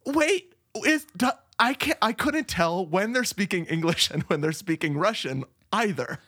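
Guy cohosting a movie podcast, kinda higher voice, playful and musing, dry close mic. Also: expressive, moderate pace, bright, forceful tone, breathy edge, no echo. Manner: playful, musing, self-doubting asides. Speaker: podcast co-host. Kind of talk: casual movie podcast chat.

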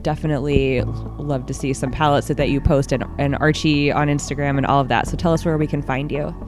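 A woman's voice: sits low, steady tone, fairly quick, over music. A woman interviewer asking playful, upbeat questions in a casual chat at a comic convention.

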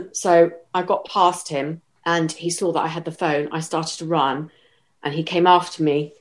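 A woman with a low voice recounts something that happened to her during an interview. Her delivery is steady and measured but halting, with frequent restarts as she tells her personal account.

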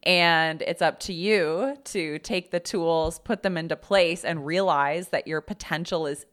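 Woman, business coach, upbeat and chatty, slightly low voice. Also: a little slow, a bit bright. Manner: upbeat, chatty, often says "like". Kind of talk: casual podcast conversation.

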